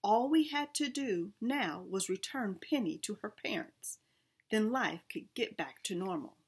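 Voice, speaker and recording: A woman reading a children's storybook aloud in first person, expressive, with small restarts. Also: medium pitch, a little slow, breathy edge.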